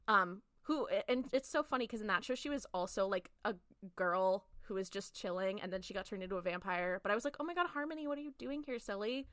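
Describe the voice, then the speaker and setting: Woman, podcast co-host, casual episode recap, chatty acted-out quotes, bright voice, dry close sound. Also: medium pitch, smooth, no echo. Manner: chatty, animated storytelling with lots of "like" and acted-out quotes.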